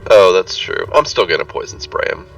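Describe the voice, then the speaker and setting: A man playing in a tabletop game, talking in a low-key, unsure way. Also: expressive, a little fast, distant mic, faint music behind, low-quality recording. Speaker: player.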